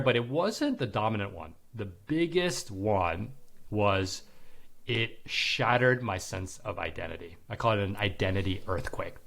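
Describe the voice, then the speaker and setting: Man in his forties, podcast guest, gravelly tone, animated candid storytelling, casual swearing. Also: on the low side. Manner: animated, swears casually, acts out quoted people.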